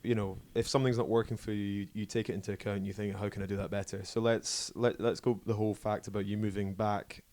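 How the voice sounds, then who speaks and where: Low-voiced man hosting, teasing and laid-back. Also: little pitch movement, quick pace, few pauses, a little mellow. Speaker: podcast co-host. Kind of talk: casual podcast chat.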